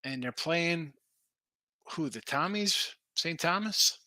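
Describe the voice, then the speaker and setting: Casual male betting-show host, bright forceful voice, dry close mic, rambling and animated. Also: a little high, slow, no echo. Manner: animated, rambling, thinks aloud over betting lines. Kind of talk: casual live-stream chat reading viewer picks.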